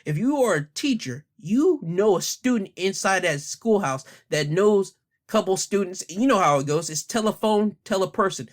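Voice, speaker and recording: A man's voice: high voice, animated, moderate pace. Man ranting on his podcast. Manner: heated, repeats rhetorical questions; blunt slangy talk. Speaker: podcast host. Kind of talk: opinion podcast commentary.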